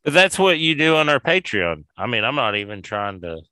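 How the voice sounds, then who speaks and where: A man's voice: mid-range voice, very animated, fairly quick, sharp tone, no echo. A man hosting a podcast, chatting casually in a laid-back, rambling way. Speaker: podcast host. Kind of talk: casual chat.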